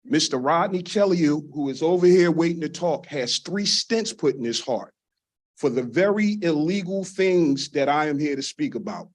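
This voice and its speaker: A man speaking at a council meeting's public comment, earnest and deliberate, giving a warning at a podium microphone. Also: fairly high pitch, lively intonation.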